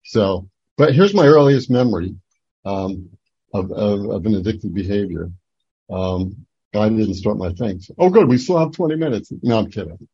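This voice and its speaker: An older man from New Jersey giving a personal testimony at a recovery meeting, rambling and halting with many fillers and restarts. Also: lowish voice, lively intonation, dark tone, breathy edge, no room sound, dull audio. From Atlantic City, New Jersey.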